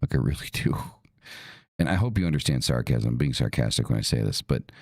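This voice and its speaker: Casual podcast host, man, low and gravelly, emphatic and profane. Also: lively intonation, brisk, a little mellow, no echo. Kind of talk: casual talk.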